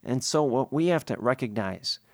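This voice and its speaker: A man's voice: medium pitch, animated, normal speed, darkish tone, dry recording, clean studio sound. A priest giving a sermon, explaining scripture earnestly and posing questions he then answers himself.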